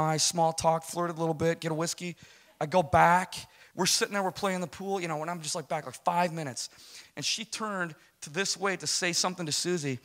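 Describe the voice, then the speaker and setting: Bright-voiced man telling his testimony. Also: on the high side. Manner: rambling, self-deprecating storytelling with many restarts. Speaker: guest speaker giving testimony. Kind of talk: personal testimony to a congregation.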